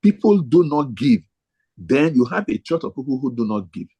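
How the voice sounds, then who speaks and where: A man's voice: mid-range voice, sing-song, moderate pace, mellow, breathy edge, poor audio. A man, a pastor teaching other pastors in a sermon style, emphatic and repeating his key phrases.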